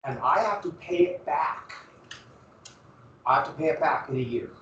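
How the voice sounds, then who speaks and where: A man's voice: on the high side, expressive, moderate pace, fairly bright tone, dull audio, slight background noise. Man lecturing a class from far off. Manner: asks the class questions and answers them himself. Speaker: history teacher. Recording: roomy classroom recording from far off.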